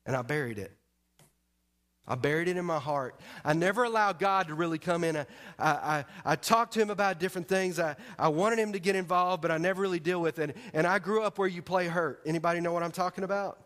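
A man's voice: sits high, fast talker, fairly bright tone. A man preaching a sermon as pastor, telling a personal story with emphasis and speaking straight to the congregation.

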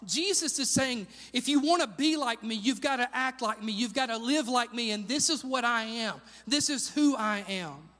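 A man preaching a sermon as pastor, animated, rising to shouts on key lines and asking the congregation to repeat words after him. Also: extremely high pitch, moderate pace, few pauses, in a large hall.

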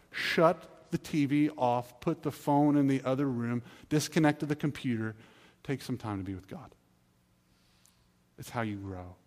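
Earnest pastor preaching in a reverberant hall. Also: male voice, medium pitch, a little mellow. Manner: earnest, pleading, conversational with acted asides. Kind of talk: sermon.

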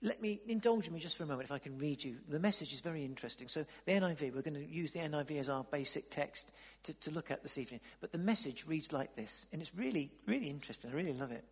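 A man preaching an evening sermon in a church hall, dramatic and swinging from loud to near-whisper. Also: on the high side, expressive, fast talker, husky. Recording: long reverb in a large hall.

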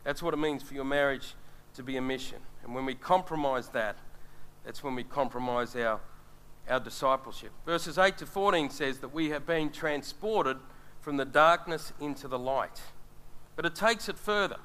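A man's voice: mid-range voice, normal speed, bright, forceful tone, smooth. A middle-aged man preaching a sermon, earnest and speaking straight to his congregation. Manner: earnest, addresses the congregation directly.

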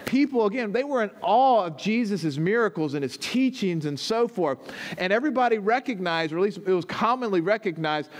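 A pastor with a high-pitched voice delivers a teaching sermon. He explains each point step by step and keeps checking that his listeners are following. He sounds like a preacher leading his own congregation through a passage.

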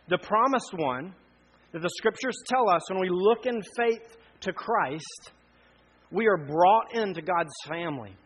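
Guy preaching a sermon, kinda husky, higher voice, earnest w lots of pauses. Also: a bit bright, low-quality recording. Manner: earnest, pausing often, building to emphatic appeals. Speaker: pastor.

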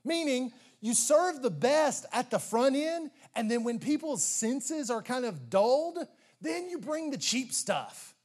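A man preaching a sermon as pastor, animated, swinging between loud emphatic lines and low slow ones, with stammered restarts.

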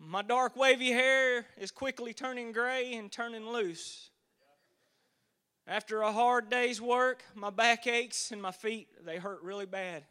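Preacher, man, 40s: high, bright, ringing voice; homespun stories building to fervent emphasis. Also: fairly even intonation, unhurried, clean tone. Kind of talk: sermon.

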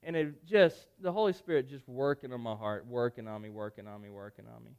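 A man preaching a sermon, telling a personal story conversationally, with self-deprecating asides and lively acted-out dialogue. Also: medium pitch, a little fast, gravelly, clear, resonant tone, phone-quality sound. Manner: animated, acts out dialogue in shifting voices. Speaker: pastor.

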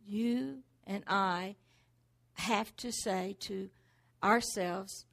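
A woman's voice: medium pitch, very slow, creaky, fairly bright tone. A middle-aged woman preaching a sermon, driving points home with rhetorical questions and repeated exhortations.

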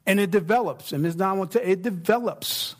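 Briskly and in a high-sitting voice, a middle-aged pastor preaches his sermon like a conversation. Quiet, hushed moments give way to excited outbursts and back again.

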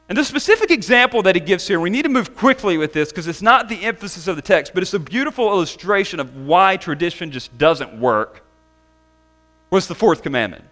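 A man preaches from the pulpit in a high, ringing voice. He drives his points home, stretching out the words he wants to land. The delivery is bright and forceful. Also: very animated. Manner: emphatic preaching, slowing down to stress key words. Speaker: pastor. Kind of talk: sermon.

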